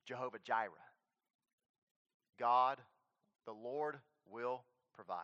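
A male preacher delivering a sermon, swinging between loud emphatic declarations and quiet earnest appeals. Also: mid-range voice, normal speed, long pauses, highs cut off.

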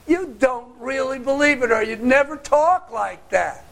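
A male pastor preaching a sermon, pressing his hearers with sharp rhetorical questions and shifting between loud challenge and quiet, low asides. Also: lively intonation, unhurried, gravelly.

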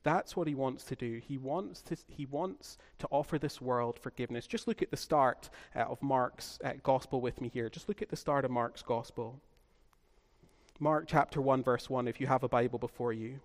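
A man's voice: medium pitch, normal speed, in a large hall. A man preaching a sermon as pastor, repeating key phrases for emphasis.

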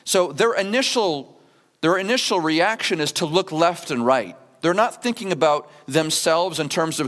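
Animated preaching man in a reverberant church. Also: a little high, normal speed. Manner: animated preaching, acting out the workers' voices. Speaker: pastor. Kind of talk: sermon. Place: church sanctuary.

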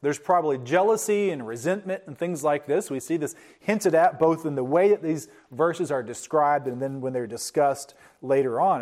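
A man delivering a sermon, with a voice that sits a little higher than most men's. He explains in an earnest, steady way, and he slows down to lean on the words that matter. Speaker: preacher.

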